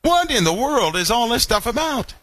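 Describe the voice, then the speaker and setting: A man's voice: very high-pitched, normal speed. A man preaching a live online Bible lesson, asking many rhetorical questions. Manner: animated, full of rhetorical questions.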